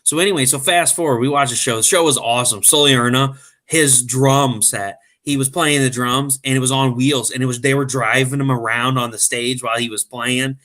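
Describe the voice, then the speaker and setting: Male host, bright tone, mid pitch, animated casual storyteller. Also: fairly quick, few pauses. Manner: animated, joking.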